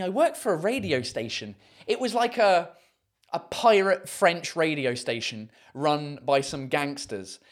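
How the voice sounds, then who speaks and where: Rambling man chatting. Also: fairly high pitch. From United Kingdom. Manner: rambling, swearing, many fillers. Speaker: host. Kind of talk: casual livestream chat.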